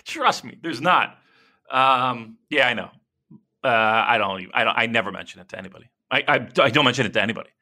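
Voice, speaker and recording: A man's voice: medium pitch, fast. A man co-hosting a casual wrestling podcast, rambling and swearing as he tells stories. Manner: profane, rambling, animated storytelling. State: dealing with a sore shoulder. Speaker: podcast co-host.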